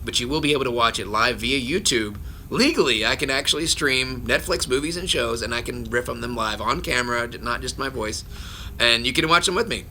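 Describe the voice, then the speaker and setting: A man with a gravelly edge and a very bright, forceful tone chats through a casual livestream from his phone at home. He rambles and cuts himself off as he answers viewer questions, with light chuckles in between. A faint hiss of background noise sits under the voice. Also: mid-range voice, animated, a little fast. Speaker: voice actor hosting a livestream Q&A. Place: at home with his children nearby.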